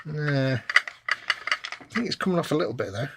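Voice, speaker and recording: A man's voice: a little high, animated, unhurried, creaky. Casual british guy muttering while he builds a model, self-mocking, lots of noise and clicks behind. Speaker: co-host of a live modelling stream. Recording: loud background noise, keyboard clicks.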